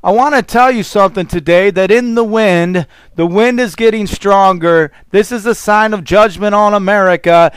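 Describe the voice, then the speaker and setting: A man preaching a fervent sermon in a smooth, resonant voice that sits a little high. He rambles and calls out to his listeners. The sound is dry, with no room echo. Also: moderate pace, hardly any pauses. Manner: fervent, rambling, call-and-response exclamations. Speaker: pastor.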